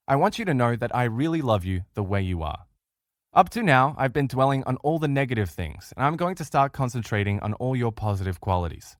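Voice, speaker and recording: A man's voice: mid-range voice, sing-song, a little fast, no room sound, clean studio sound. A man teaching a recorded relationship lesson, talking straight to listeners and acting out the quoted voices of others. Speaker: relationship course instructor.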